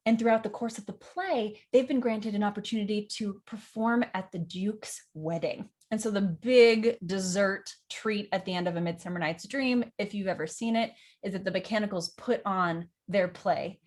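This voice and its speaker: A young adult woman, an acting teacher and director, chatting enthusiastically about favorite lines and acting them out. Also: medium pitch. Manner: enthusiastic, acts out quotes, nerdy about verse. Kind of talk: casual educational vlog.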